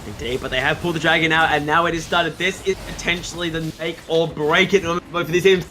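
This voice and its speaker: A man with an Australian accent giving excitable play-by-play commentary on a school esports match, shouting at the big plays. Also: on the high side, fast talker, slight background noise. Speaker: esports caster.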